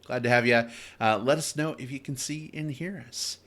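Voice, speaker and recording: A man's voice: medium pitch, moderate pace. A man hosting a film podcast, opening the show and chatting playfully with his co-hosts. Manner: animated, playful. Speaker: podcast host. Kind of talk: casual chat.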